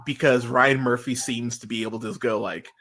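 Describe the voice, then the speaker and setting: A man hosting a casual review podcast, talking animatedly and swearing, his voice jumping up high when he gets worked up. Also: steady tone, fairly quick, sharp tone, husky. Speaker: podcast host.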